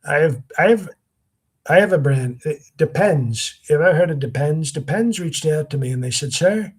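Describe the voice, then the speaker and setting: A man's voice: on the high side, expressive, moderate pace, slightly rough. A man doing a comedic impression of a boastful, crude older male president who rambles and drags out his phrases.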